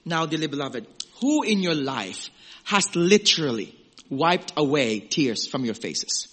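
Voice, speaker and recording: A man preaching a sermon in a conversational, animated way, swinging from loud exclamations to hushed, gentle passages and acting out little quoted voices. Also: fairly high pitch, a little slow, breathy edge. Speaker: pastor.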